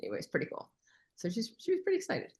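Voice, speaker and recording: A woman co-presenting a webinar in a casual, lively way, telling personal stories and acting out what people said. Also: a little high, rapid-fire. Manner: lively storyteller who acts out quoted lines.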